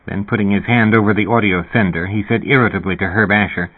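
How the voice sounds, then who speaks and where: A man narrates a science fiction audiobook in a steady, even storytelling manner, his fairly low, slightly rough voice moving fast. The sound is narrow, like a phone line.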